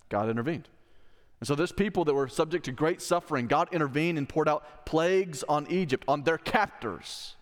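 A man's voice: a little high, big-room sound. A male pastor preaching a sermon. He speaks earnestly and with emphasis, repeats key phrases and asks the congregation direct questions. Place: church sanctuary.

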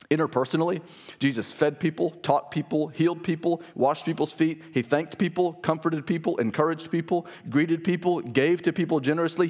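A man preaching a sermon to his congregation, earnest and emphatic, often clearing his throat. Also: on the high side. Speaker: pastor. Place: church sanctuary.

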